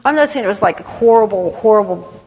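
A woman's voice: medium pitch, animated, a little fast, darkish tone, a little hiss or hum. A middle-aged woman giving a candid personal testimony to a church audience, conversational and frank, with many restarts. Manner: candid, conversational, with frequent restarts and "you know". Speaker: women's ministry speaker. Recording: long hall reverb.

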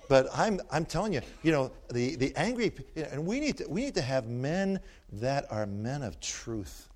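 An older male preacher delivers a sermon in a mid-pitched voice. He tells animated stories and jokes with his listeners. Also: moderate pace. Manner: animated, joking storyteller.

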